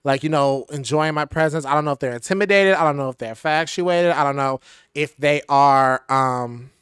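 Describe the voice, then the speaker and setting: A young man chats his way through a rambling storytime, animated and full of fillers. His voice sits a little high and comes across smooth and clear. The sound is dry, with little room echo. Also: normal speed. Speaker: tarot reader and channel host. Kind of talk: casual storytime chat. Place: home room, sitting on the floor. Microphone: device mic at a distance, no clip-on mic.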